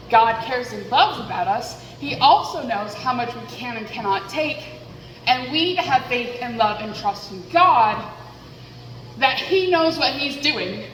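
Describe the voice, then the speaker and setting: A woman with a fairly high voice talks through a headset in a candid, self-deprecating ramble, thinking out loud. The sound is roomy, with a long reverb tail and a faint hiss underneath. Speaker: vlogger. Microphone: headset mic.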